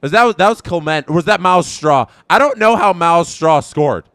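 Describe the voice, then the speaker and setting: A Canadian man hosting a live baseball watchalong, excitable and reacting loudly to each play, his voice strained and worn out. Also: on the high side, brisk, clear, resonant tone, no echo. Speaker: watchalong host.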